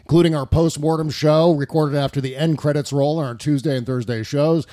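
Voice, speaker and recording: A man hosting a casual political talk podcast, sarcastic and quick to mock what he quotes. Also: a little high, steady tone, dark tone. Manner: sarcastic, mimics quotes in a mocking voice. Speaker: podcast host.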